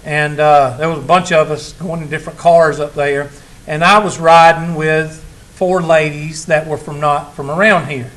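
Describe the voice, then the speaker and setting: A man's voice: a little high, steady tone, normal speed, fairly bright tone, poor audio. A man, a college instructor talking casually and teasing his class in a classroom. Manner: folksy, teasing storyteller.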